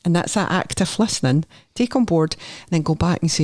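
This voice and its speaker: A middle-aged woman with a Scottish accent, a nurse therapist talking as a guest on a podcast, chatty and animated as she tells her story. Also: fairly low pitch, brisk, dry recording, clean studio sound. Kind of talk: candid podcast conversation.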